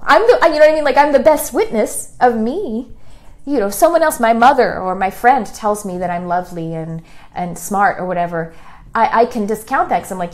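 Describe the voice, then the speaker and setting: An earnest woman leads a spiritual class, talking about love and self-worth in a repetitive, heartfelt way. Her voice sits a little high for a woman. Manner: earnest, repetitive, soft-spoken during the guided practice. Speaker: spiritual teacher. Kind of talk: spiritual lesson leading a guided affirmation.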